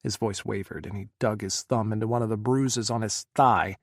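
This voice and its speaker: Gravelly male audiobook narrator. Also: lowish voice, steady tone, moderate pace, no echo, studio quality. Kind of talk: scripted narration.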